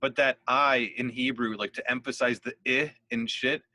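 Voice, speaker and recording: A man's voice: mid-range voice, steady tone, moderate pace, sharp tone. A young man co-hosting a podcast, telling a rambling story in casual chat, swearing freely and laughing as he goes. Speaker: podcast co-host.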